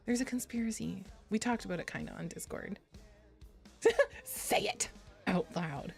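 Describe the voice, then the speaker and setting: A woman's voice: medium pitch, gravelly. A woman VTuber chatting casually on a stream, rambling, giggling often and poking fun at herself. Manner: rambling, giggly, self-deprecating.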